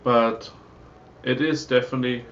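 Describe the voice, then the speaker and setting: A man speaking hesitantly in casual chat about beer, halting with many restarts. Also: mid-range voice, steady tone, fairly bright tone, dull audio, slight background noise.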